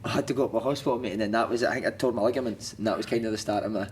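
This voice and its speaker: A man's voice: lowish voice, very fast, slight background noise. A Scottish man, a former footballer guesting on a podcast, telling rambling, sweary stories and saying "mate" all the time. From Scotland. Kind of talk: casual storytelling.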